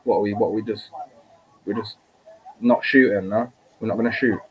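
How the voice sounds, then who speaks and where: A man's voice: on the low side, fairly even intonation, normal speed. A man with a Scottish accent, co-hosting a casual chat while watching a live fight, swearing freely and rambling. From Scotland. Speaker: podcast co-host. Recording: noisy background hiss.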